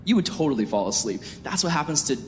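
A young man giving a youth sermon as a youth pastor, jokey and animated, acting out the people in his stories. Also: fast talker. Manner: animated, jokey storytelling with acted-out voices. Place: church sanctuary. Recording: echoey hall with faint rumble.

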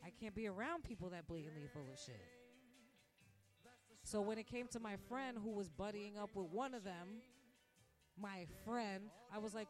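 A woman in her thirties hosting a podcast, giving a blunt, profane, animated rant from the restaurant where she works. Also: mid-range voice, normal speed, long pauses. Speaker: podcast host. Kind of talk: casual ranting monologue. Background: faint background music.

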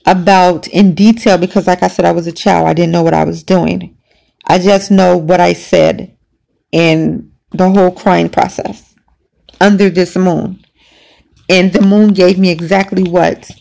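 A woman's voice: lowish voice, steady tone, a little slow, vocal fry, a little mellow. A woman hosting a podcast, telling a personal story in a casual, emphatic, conversational way. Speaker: podcast host.

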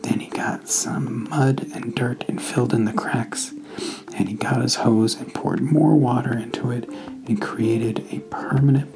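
A man hosting a podcast, telling a bedtime story in a soft, hushed, partly whispered voice. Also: medium pitch, gravelly, rough recording. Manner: slow, hushed, half-whispered. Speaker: podcast host.

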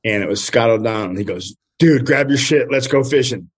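An older man, a fishing guide, telling a story with lively energy and acting out what people said. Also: fairly quick, slightly rough. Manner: lively, acts out quotes with big pitch jumps, laughs often. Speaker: steelhead fishing guide, guest. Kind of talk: animated storytelling.

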